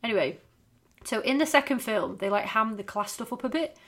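Woman, thirties, casual podcast chat, sweary, animated. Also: fairly high pitch, fairly quick. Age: 30s.

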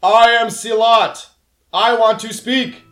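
Man putting on a booming undead demon cat. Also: steady tone, a bit bright, full character voice. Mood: commanding. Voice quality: booming, slow and grand.

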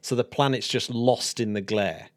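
A man's voice: mid-range voice, normal speed, no room sound. Inquisitive man, dry close sound. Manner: inquisitive, checks his understanding aloud. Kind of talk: casual science chat.

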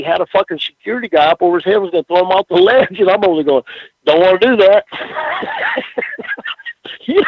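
Older man, raspy, animated, cussing storyteller; dull radio-quality sound. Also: sits high, no room sound. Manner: profane, rambling storyteller with frequent "you know what I'm saying". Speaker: former pro wrestler, interview guest. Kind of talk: casual storytelling interview.

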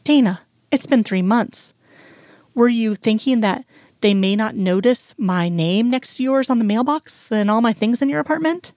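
A woman reading the lines of a steady, wry man comforting his partner, barely changing her voice. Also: a little high, moderate pace, dry recording, clean studio sound, close to an everyday voice. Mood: weary.

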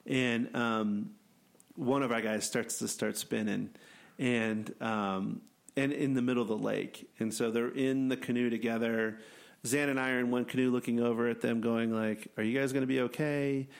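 Male storyteller, gravelly, mid-pitch, animated, laughs a lot, casual chat. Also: normal speed. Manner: animated storyteller, laughs often, acts out quotes. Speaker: wilderness ministry program leader.

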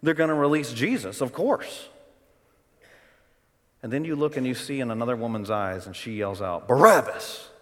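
A middle-aged man preaches a sermon in a church, his medium-pitched voice carrying a long hall reverb. He tells the story dramatically, moving from loud, urgent bursts down to hushed, quiet lines. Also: normal speed, long pauses. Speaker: pastor.

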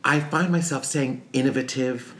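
A man from New York in casual chat, expressive and joking as he asks questions. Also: medium pitch, moderate pace, roomy sound.

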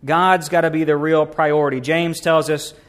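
A middle-aged man delivers a sermon in a church, his fairly high voice climbing as he presses each point. He preaches with rhetorical questions and building emphasis. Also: level tone, moderate pace. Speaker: pastor. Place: church sanctuary.

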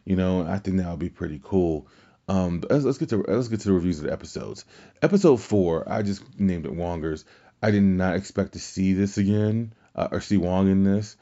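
A man with a deep, dark voice hosts a solo podcast, rambling casually through his thoughts. He restarts his sentences often and leans on filler words. The recording sounds dull and lo-fi. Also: brisk. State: tired, fighting yawns. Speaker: podcast host.

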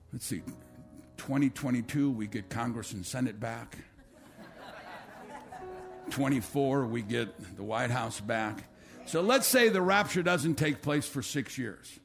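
A male pastor preaching a sermon, swinging between loud, rising calls and quiet, low appeals, acting out quotes and leading an altar call. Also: animated, measured pace, vocal fry, soft background music.

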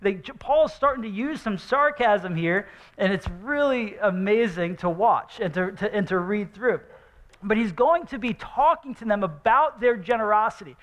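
A man's voice: sits high, lively intonation, moderate pace, a bit bright. A young adult man preaching a sermon as pastor, talking in a loose, conversational way with sarcastic asides.

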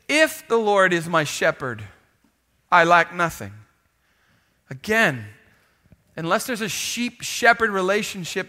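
Man, pastor, sermon, high voice, bright tone, animated, calls for a response.

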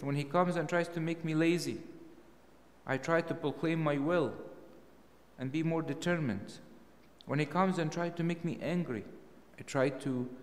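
A man preaching a sermon, emphatic and full of rhetorical questions, his voice rising to loud peaks. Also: on the high side, big-room sound.

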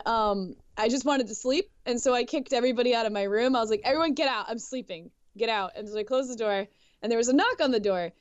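A woman's voice: on the high side, smooth, dry recording. Laughing young-sounding woman, dull lo-fi audio. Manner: laughs often, lively retelling. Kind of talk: casual chat.

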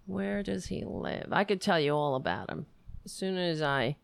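A woman giving casual political commentary, sarcastic and mocking, now and then putting on high voices to mimic others. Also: expressive, moderate pace, creaky, smooth, no echo.

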